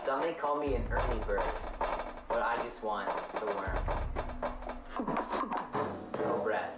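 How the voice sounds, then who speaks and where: Young man playing a grumpy bird that hates bread, deadpan and distant in a roomy space. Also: fairly low pitch, slow pace. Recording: roomy, distant, loud music behind.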